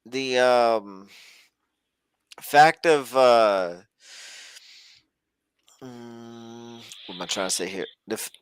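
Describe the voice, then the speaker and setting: A man with a smooth, resonant voice rambles along in a casual, folksy podcast chat. He sounds close and dry, with no room around him. His pitch sits in a middling range. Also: extremely slow, long pauses, no room sound. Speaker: podcast co-host. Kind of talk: casual chat about a reality show.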